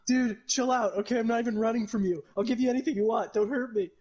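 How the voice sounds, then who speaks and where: A man's voice: on the high side, muffled recording, close to an everyday voice. A man voicing a frightened male trapper who pleads and stammers as he talks. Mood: panicked. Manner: stammering, rushed, swearing.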